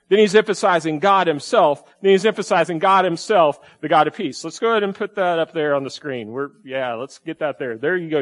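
A man delivering a sermon from the pulpit, easygoing and folksy, with self-deprecating asides. His voice sits a little higher than most men's. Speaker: pastor.

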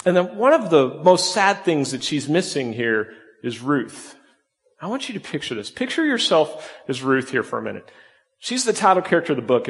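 Man preaching in a reverberant hall. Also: a little high. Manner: conversational preaching, voice rising and dropping for emphasis. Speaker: pastor. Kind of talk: sermon.

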